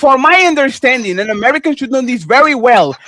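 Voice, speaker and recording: Brisk, expressive, and pushed, his bright voice sits at an extremely high pitch. English isn't his first language, and as a panel co-host in a heated live debate he fights combatively, cutting in over and over with "sir" and "stop being emotional."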